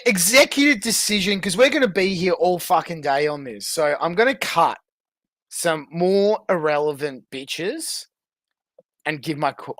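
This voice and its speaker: A man's voice: high-pitched, a bit bright, no room sound, clean studio sound. A man streaming, giving profane, mocking running commentary on clips and ranking people. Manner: profane, mocking, laughs often. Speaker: streamer ranking online personalities. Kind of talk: casual crude live-stream commentary.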